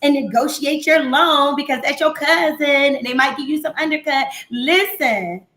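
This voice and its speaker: A woman's voice: high-pitched, normal speed, fairly bright tone, reverberant. A woman accountant hosting a business talk show, talking straight and playfully with slang and repeats. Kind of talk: lively casual talk.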